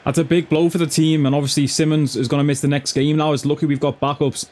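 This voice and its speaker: Slangy gamer lad. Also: male voice, on the high side, flat delivery, quick pace, a little mellow, slight background noise. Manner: slangy, calls everyone lad; swears a lot. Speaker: gaming YouTuber. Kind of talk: gameplay commentary.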